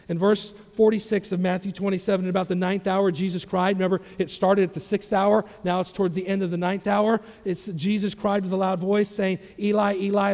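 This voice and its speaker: A man preaches to his congregation, his fairly high voice dropping to quiet low asides and then surging into loud, emphatic questions. His sermon rings out with a long hall reverb. The sound is slightly dull. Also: vocal fry. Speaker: pastor. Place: church sanctuary.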